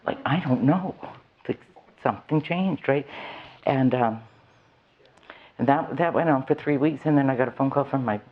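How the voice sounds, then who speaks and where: A woman's voice: a bass voice, normal speed, long pauses, lo-fi sound. A woman frankly telling her recovery story to a live audience, with a wry, self-mocking humor. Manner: candid, wry, laughs often at herself. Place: event hall with an audience.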